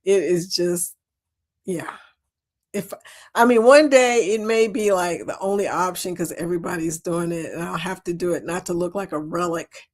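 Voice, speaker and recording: A woman's voice: lowish voice, normal speed. Woman, livestream host, casual chat, giggly, chatty, says y'all. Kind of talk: casual live chat reading comments.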